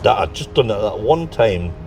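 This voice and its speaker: Lively Tyneside man with a gravelly voice. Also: lowish voice, normal speed, far from the mic, music in the background. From North East England. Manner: lively, laughs through his stories, acts out quotes. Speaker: guest. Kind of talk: casual storytelling chat.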